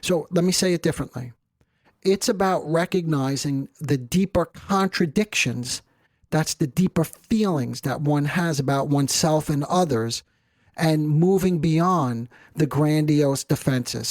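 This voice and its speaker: A middle-aged male therapist giving an educational talk in a measured, explanatory way with rhetorical asides. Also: a little high, a little mellow, no echo. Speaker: therapist host.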